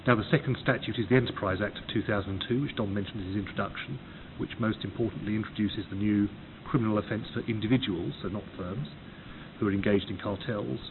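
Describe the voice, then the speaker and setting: A man's voice: fairly low pitch, fast. A man from the United Kingdom, an official of a competition agency, giving an orderly prepared talk point by point. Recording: tinny phone-like recording with clear hiss.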